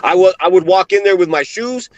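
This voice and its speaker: A man's voice: high voice, fairly quick, muffled recording. A man telling blunt, profane stories in casual chat, calling others bro.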